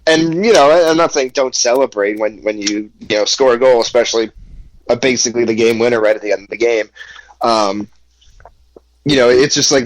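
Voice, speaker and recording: A man's voice: medium pitch, fairly quick, dry recording, low-quality recording. A man from the United States co-hosting a casual sports podcast, rambling and leaning on fillers like "you know". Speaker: podcast co-host.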